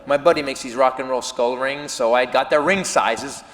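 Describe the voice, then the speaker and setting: A stand-up comedian telling a story on a live stage, loud and animated, dropping to mumbled self-talk. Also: male voice, medium pitch, moderate pace. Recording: live hall reverb with audience noise.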